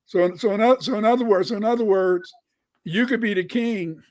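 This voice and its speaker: A man's voice: high voice, a little fast, a little mellow, dry recording. An older American man, a guest scholar, talking loosely on a live stream, repeating his words and cussing now and then. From United States. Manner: rambling, repeats words, cusses. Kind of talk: casual live-stream talk.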